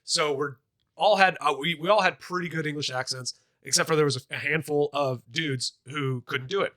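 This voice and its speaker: A young man co-hosting a podcast, chatting casually and telling theater stories with quick asides. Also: fairly high pitch, sharp tone, no room sound, studio quality. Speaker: podcast co-host. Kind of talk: casual chat.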